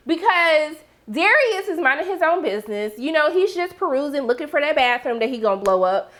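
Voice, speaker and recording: A young woman talks through a TV episode. She is sassy and animated, acting out her own reactions to the characters as she goes. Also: sits high. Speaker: TV recap host. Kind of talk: casual recap commentary.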